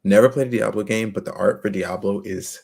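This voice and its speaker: A man's voice: on the low side, fairly quick, creaky, darkish tone. A man co-hosting a podcast, talking in a laid-back casual way with lots of fillers. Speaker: podcast co-host.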